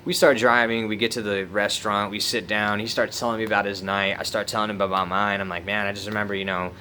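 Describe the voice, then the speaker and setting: A man's voice: on the low side, level tone, fast, sharp tone, a little hiss or hum. A young man casually telling a story on his vlog, laid-back and heavy on swearing, laughing at himself as he goes. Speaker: vlogger.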